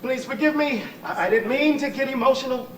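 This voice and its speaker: A man's voice: extremely high pitch, fairly quick. A man playing a weepy, fretful divorced husband. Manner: sentimental and apologetic, given to tearful rambling. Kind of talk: live stage comedy acting. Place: church stage before a live audience. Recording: echoey hall, distant room mic, faint noise.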